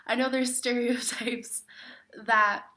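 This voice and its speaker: A woman's voice: fairly high pitch, little pitch movement, takes it slowly, bright, forceful tone. Stuffy-nosed teen girl vlogging. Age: teens. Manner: self-mocking, says "like" constantly. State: sick, stuffy. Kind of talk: casual chat.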